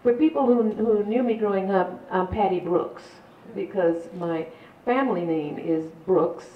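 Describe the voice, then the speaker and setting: A woman's voice: mid-range voice, a little slow, slight background noise. An older woman from San Antonio, Texas, telling community history to an audience in a chatty, rambling way with laughs and restarts. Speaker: community speaker. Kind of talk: storytelling talk to an audience. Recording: echoey, distant, dull room recording.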